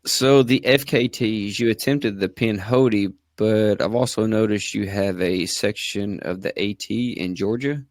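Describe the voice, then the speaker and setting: A man hosting a podcast, asking questions in a relaxed, drawling way. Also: on the low side, a little slow, few pauses, no echo, studio quality. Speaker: podcast host. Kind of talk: casual podcast interview.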